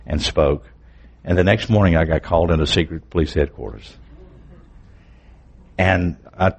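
A man's voice: deep voice, darkish tone, breathy edge. A man preaching who tells a personal testimony in an earnest, vivid way with candid asides.

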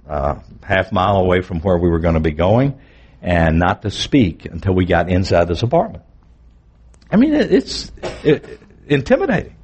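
Husky low-voiced preacher telling a story. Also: male voice, darkish tone. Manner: earnest, vivid storytelling with candid asides. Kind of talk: personal testimony in a sermon.

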